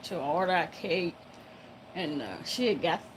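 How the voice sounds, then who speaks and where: A woman telling a story to viewers in a halting, casual way, breaking into frequent laughter. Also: fairly low pitch, noisy background. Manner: laughs often, halting with many fillers.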